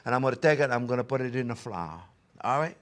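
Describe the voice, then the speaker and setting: With a medium-pitched, animated voice and a quick pace, an older chef leads a cooking demo, warmly coaxing viewers and chatting to them directly as friends.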